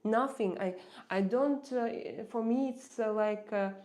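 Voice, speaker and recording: A woman's voice: a little high, darkish tone. Earnest woman streamer, non-native English. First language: not English. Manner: impassioned and earnest, halting with many fillers and restarts. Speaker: livestream host. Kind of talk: casual livestream chat reading viewer comments.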